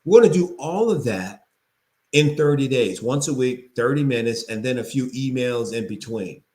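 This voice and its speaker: A man coaching real estate agents in an energetic sales pitch, repeating phrases for emphasis. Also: normal speed.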